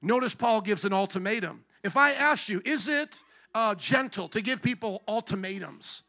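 A man's voice: high voice, lively intonation, moderate pace, bright, forceful tone. A man preaching a sermon as pastor, putting emphatic rhetorical questions to his congregation.

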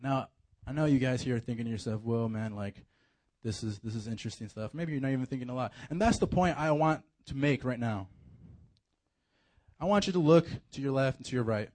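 A man preaching a casual, animated sermon to a youth group, full of slang and fillers. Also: mid-range voice, a little fast. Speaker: youth pastor.

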